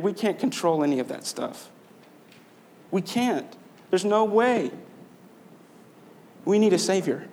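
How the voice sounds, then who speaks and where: Earnest man preaching in a slightly higher voice. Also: sing-song, slow pace, long pauses, darkish tone. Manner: earnest, conversational preaching with rhetorical questions. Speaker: pastor. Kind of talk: sermon.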